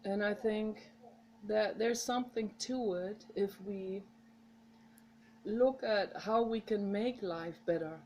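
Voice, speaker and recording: A woman's voice: mid-range voice, takes it slowly, a little mellow, a little hiss or hum, poor audio. A woman with a mother tongue, talking straight to her viewers in a rambling, heartfelt, encouraging way. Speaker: vlogger. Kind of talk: casual direct-to-camera monologue.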